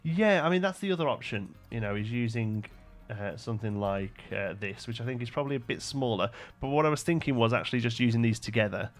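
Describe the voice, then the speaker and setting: Young male streamer, mid pitch, casual running commentary, answers chat, faint music underneath. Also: expressive, fast, few pauses. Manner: thinks aloud, answers chat, frequent fillers. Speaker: live-streamer building in a park-building game.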